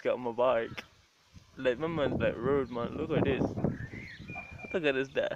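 A young man vlogging casually, swearing freely and laughing often as he gives an excited running commentary outdoors. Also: medium pitch, unhurried, highs cut off, heavy background noise. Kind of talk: casual profane vlog chatter. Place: outdoors behind a house.

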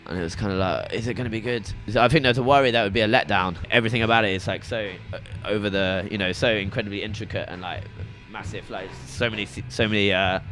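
A man's voice: fairly low pitch, fairly bright tone. A young man chatting casually about his favourite records, rambling with many restarts. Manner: rambling, hesitant, full of restarts. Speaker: shop visitor sharing records. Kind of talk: casual chat. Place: record shop in a venue.

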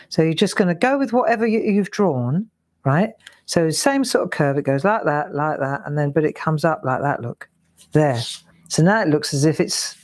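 A woman with a low voice talks viewers through drawing scrolls on a live craft stream. She counts her strokes aloud, chats easily and jokes at herself when she slips up. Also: darkish tone. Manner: chatty, self-deprecating, counts strokes aloud. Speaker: craft tutor. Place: home craft studio.

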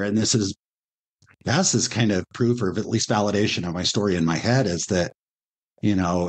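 Male host, slightly low voice; relaxed, rambling interviewer. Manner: friendly, rambling questions with fillers. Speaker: podcast host. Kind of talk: interview questions.

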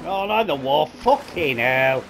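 A man with a slightly higher voice rattles off crude, profane gameplay commentary. His pitch swings widely as he mocks and jeers, with game music playing underneath. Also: expressive, measured pace, creaky, fairly bright tone. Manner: crude, swearing, mocking banter. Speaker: gaming streamer.

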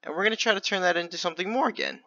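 A man commentating his online gambling in a casual video, stammering and swinging between loud excitement and quiet muttering. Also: high voice, racing, no echo, dull audio. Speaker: gaming video creator.

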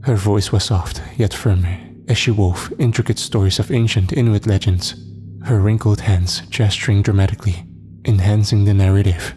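A man narrating a horror story in a measured, dramatic, scripted style. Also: on the low side, steady tone, warm tone. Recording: long reverb, faint music.

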